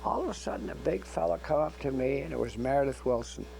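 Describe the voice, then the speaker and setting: An older man being interviewed, telling anecdotes in an animated way and acting out the dialogue. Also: medium pitch, quick pace, creaky, a little hiss or hum, poor audio. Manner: animated storyteller who acts out dialogue. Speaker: interview guest. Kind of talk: anecdotal storytelling.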